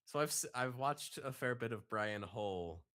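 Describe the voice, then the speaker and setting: A man's voice: medium pitch, animated, measured pace, fairly bright tone. A man appearing as a guest on a live show, talking casually and a bit hesitantly about doing voices, on a remote call. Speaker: guest voice impressionist. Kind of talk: casual live-stream chat. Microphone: remote call over Discord.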